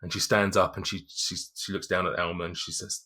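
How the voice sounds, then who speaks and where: A man with a low, husky voice narrating a tabletop game as game master. His tone is bright and forward, and he rambles along with lots of fillers. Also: steady tone, fairly quick. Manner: rambling, full of 'like' and 'um'.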